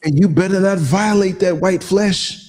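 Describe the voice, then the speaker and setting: A man's voice: high-pitched, moderate pace, darkish tone. An American man living abroad, telling a story in a casual podcast chat with sarcastic asides over a remote call. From United States. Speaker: podcast host. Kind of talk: casual conversation. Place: living in Africa.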